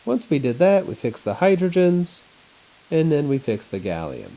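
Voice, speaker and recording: A male teacher walking through a chemistry lesson at home on his laptop, in a flat, announcer-like voice. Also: fairly high pitch, moderate pace, rough recording. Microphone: laptop mic.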